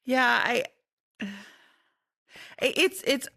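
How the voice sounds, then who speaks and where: A woman's voice: sits high, drawn-out words, gravelly, bright, forceful tone, dry recording, clean studio sound. A middle-aged woman, an author and podcast guest, talking in a chatty, candid way and often interrupting herself. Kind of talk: casual conversation.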